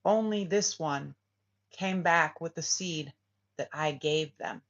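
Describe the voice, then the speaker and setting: A storyteller acting a shouting emperor. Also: mid-range voice, lo-fi sound. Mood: solemn. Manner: loud, drawn-out, rising shouts. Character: proud old emperor scolding the children.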